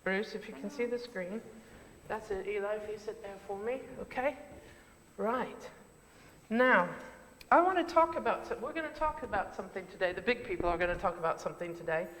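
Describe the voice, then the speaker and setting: A woman with a bright, medium-pitched voice speaks briskly as she gives a children's talk during a church service. She asks the children questions and cheers them on using simple language. The church is reverberant, and there's slight background noise.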